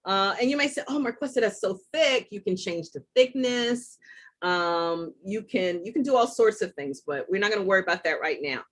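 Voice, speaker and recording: A chatty woman runs a live online tutorial at an easy middle pitch. She talks her way through every step and jokes about her own slips as she goes. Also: animated, moderate pace, a bit bright. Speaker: host.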